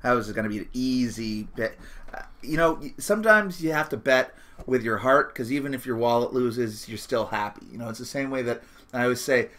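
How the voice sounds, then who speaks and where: A man's voice: medium pitch, a little fast, fairly bright tone. A man co-hosting a casual podcast, chatty and easygoing, swearing casually and laughing often. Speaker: podcast co-host. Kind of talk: casual chat.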